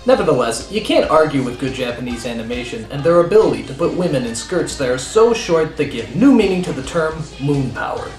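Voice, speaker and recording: A man hosts a comedic countdown review with a sarcastic, animated delivery. His voice sits a little high and leaps around a lot in pitch. The room sounds echoey, with faint music beneath. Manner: sarcastic, animated, quick comic asides. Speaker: host and critic. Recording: roomy studio with faint music.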